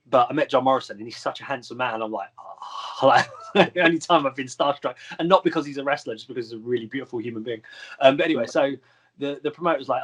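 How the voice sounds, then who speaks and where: A man in his thirties, a wrestler guest telling stories in a rambling, filler-heavy way and laughing at his own stories. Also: medium pitch. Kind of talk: casual storytelling chat.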